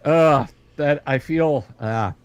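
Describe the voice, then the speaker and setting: A man's voice: a little high, takes it slowly, clean tone, dry recording. A middle-aged man hosting a casual livestream chat, rambling and joking with lots of fillers and restarts. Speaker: livestream host.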